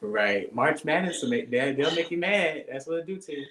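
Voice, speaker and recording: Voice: medium pitch, animated, normal speed, background noise. Joking co-host in an echoey room. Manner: joking, laughs often, emphatic. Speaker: podcast co-host. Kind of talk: casual reality-TV chat.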